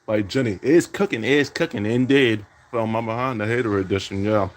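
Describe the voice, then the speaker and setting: A man with a fairly low voice and a slightly quick delivery calls his own moves in a basketball video game. He teases his opponent relentlessly, cycling through catchphrases, "indeed" above all.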